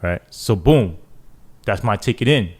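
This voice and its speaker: Man, lowish voice, casual story, keeps asking "right?", podcast mic. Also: measured pace, husky. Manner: animated retelling, acts out quoted dialogue, keeps checking in with "right?". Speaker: police sergeant guest.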